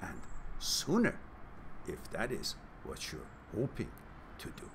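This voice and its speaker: A man's voice: low-pitched, huge pitch swings, slow pace, noisy background. A man hosting a casual live-stream Q&A. He laughs often, teases his viewers and thinks aloud as he talks. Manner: thinks aloud, with fillers and restarts. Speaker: host answering viewer questions.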